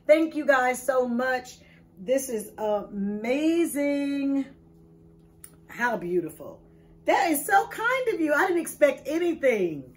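A woman's voice: sits high, big pitch swings. A woman hosting a casual video, opening gifts with playful, exuberant chatter. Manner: exuberant, playful, quick to laugh. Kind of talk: casual chat.

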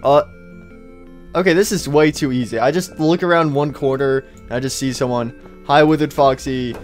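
A young gaming YouTuber with a medium-pitched voice casually comments on a video game as he plays, speaking at normal speed. He teases the characters with playful asides in this let's-play, with faint music behind him.

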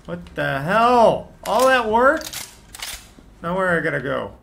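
Gravelly, animated man swearing at a game. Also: high voice, slow pace, a little hiss or hum. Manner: frustrated, swearing and muttering at the game. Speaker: gaming channel host. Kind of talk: gameplay commentary.

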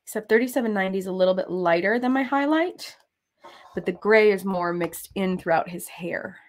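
Woman, cross-stitch streamer, casual rambling chat, mid-pitched voice. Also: lively intonation, a little fast. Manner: chatty, rambling onto side topics.

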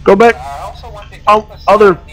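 Young male horror-game streamer, high voice, slow drawn-out delivery, jumpy and swearing, headset mic. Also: flat delivery, low-quality recording. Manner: jumpy, nervous laughter, swearing, panicky yelps. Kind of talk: live gameplay commentary.

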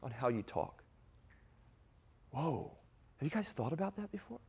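A man's voice: medium pitch, big pitch swings, measured pace, gravelly, darkish tone, breathy edge. A man preaching a sermon to young men, emphatic and conversational, with frequent rhetorical questions. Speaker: youth preacher.

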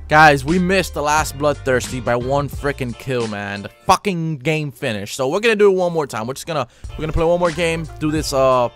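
A man giving excitable, profane live commentary over his own gameplay, swearing and trash-talking opponents. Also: on the high side, a little fast, hardly any pauses. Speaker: gaming commentator. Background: game music and gunfire.

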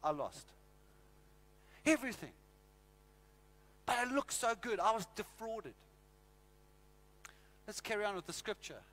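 Bright-voiced South African pastor preaching. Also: male voice, sits high, measured pace, pauses often. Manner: animated storytelling, acts out scenes. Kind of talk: sermon. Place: church.

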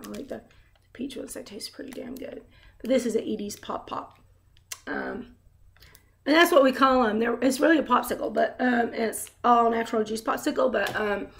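A woman with a fairly high voice and a gravelly, fried edge talks straight into her camera at home. She rambles through her update candidly and trails off into fillers and side remarks. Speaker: vlogger. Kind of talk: casual personal video update.

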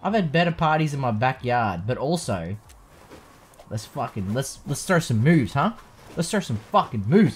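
A man's voice: mid-range voice, moderate pace, long pauses, slight background noise. A young man casually commentating a video game playthrough, joking and swearing freely. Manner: profane, joking, animated. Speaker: let's play host.

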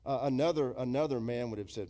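A middle-aged man, a pastor preaching a sermon in a church, emphatic and storytelling, mimicking imagined congregants. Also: quick pace. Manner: emphatic preaching with big swings in pitch and loudness, quoting imagined congregants. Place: church sanctuary.

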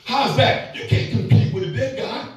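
High-voiced preacher in an echoey hall. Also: male voice, normal speed, distant mic, soft background music. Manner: storytelling, folksy and emphatic, with sudden shouts. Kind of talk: sermon. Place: large echoey church hall.

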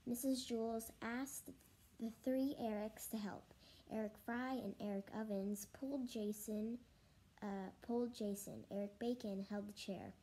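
A woman's voice: fairly high pitch, steady tone, a little slow, dark tone, rough recording. A woman reading a children's story aloud, with slips and restarts.

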